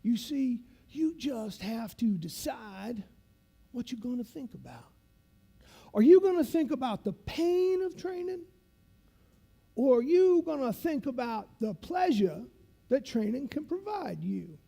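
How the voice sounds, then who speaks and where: Gruff old navy seal instructor, a man putting him on, gravelly, slow drawl, voice up high and loud. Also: big pitch swings, exaggerated voice. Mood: menacing, folksy. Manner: slow, drawling, folksy grammar. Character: grizzled older male Navy SEAL instructor, gruff and commanding.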